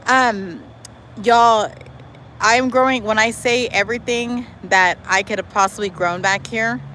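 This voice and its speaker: Unhurried and a little high-pitched, a female host chats casually with her livestream viewers from the backyard, reading their comments and calling them y'all in a lively tone. The rough recording carries faint outdoor noise and traffic.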